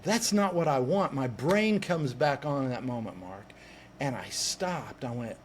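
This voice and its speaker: A man, a coach and podcast guest, telling a personal story in an animated way, acting out what people said and restarting words as he goes. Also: medium pitch, unhurried, a little hiss or hum. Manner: lively, acts out quoted voices, restarts words.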